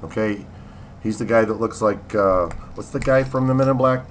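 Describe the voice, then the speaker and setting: A man's voice: on the low side, normal speed, slight background noise. A man in his fifties casually telling a rambling story in a spoken diary, acting out quotes and laughing. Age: 50s. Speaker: video blogger.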